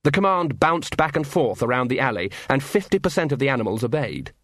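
Guy narrating an audiobook, wry measured tone, mid pitch, dry close sound. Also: sing-song, a bit bright, no echo. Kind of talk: scripted narration.

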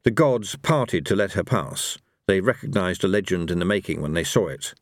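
A man reads an audiobook with a lively, expressive delivery, his pitch moving freely. The recording is dry and close. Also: moderate pace, dry recording. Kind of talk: audiobook narration.

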